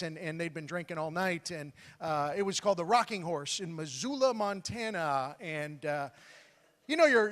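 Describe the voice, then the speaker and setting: A man's voice: sits high, a bit bright. A man telling a rambling stand-up story about life on the road, full of fillers and restarts. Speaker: comedian and magician. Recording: long hall reverb.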